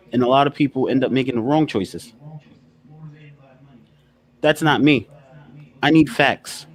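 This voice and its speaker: Animated cursing man in casual chat. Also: mid-range voice. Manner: animated, swears, acts out other people.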